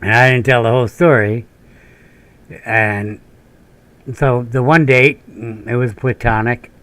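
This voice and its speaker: A man's voice: medium pitch, fairly even intonation, takes it slowly, a bit bright. A man from northern Minnesota who hosts a gaming channel, rambling through profane personal stories and tangents while he plays. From northern Minnesota, USA. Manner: meandering, profane storytelling with frequent laughs and tangents. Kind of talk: rambling commentary during gameplay.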